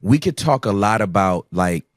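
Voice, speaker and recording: A man's voice: on the low side, expressive, moderate pace, no room sound. Playful, emphatic man in a dry-sounding room. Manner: playful, emphatic talker who acts out voices. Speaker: podcast guest. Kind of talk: casual conversation.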